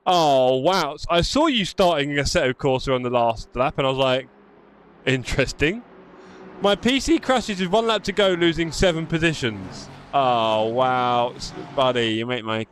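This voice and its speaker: A man's voice: medium pitch, expressive, moderate pace, fairly bright tone, a little hiss or hum. A man hosting a live sim racing stream, chatting and congratulating drivers after the race. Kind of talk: live race commentary and chat. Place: home sim racing setup.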